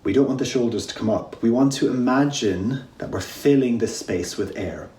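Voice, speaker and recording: A man teaching a home drama lesson, guiding listeners step by step through voice warm-ups and breathing exercises. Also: medium pitch, normal speed. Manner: encouraging, gives step-by-step instructions. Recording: echoey room.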